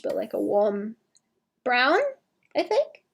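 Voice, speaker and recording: A woman's voice: on the high side, sing-song, slow pace, creaky, long pauses, husky. A young woman streaming her sketching, chatting casually and thinking aloud with frequent giggles. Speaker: artist streaming while sketching. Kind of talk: casual livestream chat.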